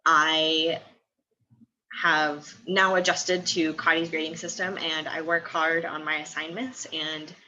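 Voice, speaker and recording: Bright-voiced young Midwestern woman. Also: sits low, rough recording. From American Midwest. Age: 20s. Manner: chatty, laughs often between phrases. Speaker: study abroad student. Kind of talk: casual vlog talk.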